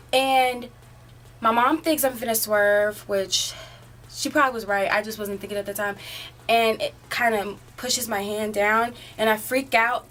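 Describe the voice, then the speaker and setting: A woman's voice: medium pitch, fairly bright tone, slight background noise. Rambling teenage girl telling a story. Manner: rambling, filler-heavy, often says "like". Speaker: vlogger. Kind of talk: casual storytime.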